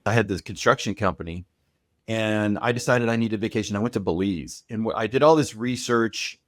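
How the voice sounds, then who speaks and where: Man, fifty, podcast guest, confident storyteller, fairly low voice, dry close recording. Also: a little fast, no room sound. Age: 50s. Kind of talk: casual interview chat.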